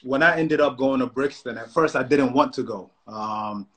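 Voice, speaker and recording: A man's voice: medium pitch, moderate pace, a bit bright. A man in his thirties with a South London accent, co-hosting a casual live-stream chat in playful banter on a phone mic. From South London, England. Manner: playful banter, lots of "you know" and "man". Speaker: co-host. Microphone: phone on a live video stream.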